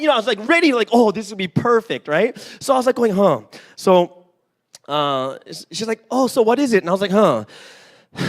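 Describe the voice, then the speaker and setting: A man in his forties giving a sermon in a church, telling a personal story with lively acted-out dialogue and frequent "right?". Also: high-pitched. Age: 40s. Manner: animated storytelling, acts out dialogue, often asks "right?". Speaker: pastor.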